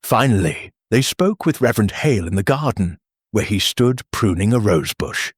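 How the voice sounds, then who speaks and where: A man narrating a mystery audiobook in a measured storytelling manner. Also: on the low side, expressive, breathy edge, no room sound, clean studio sound.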